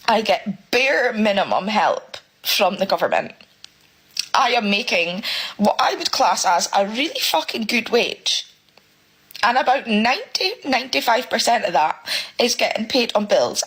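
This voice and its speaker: A husky woman rants to camera as a working single parent, exasperated, swearing often and near tears. Her voice sits at an ordinary middle pitch. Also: expressive, measured pace, fairly bright tone, poor audio. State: close to tears. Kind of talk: emotional rant to camera.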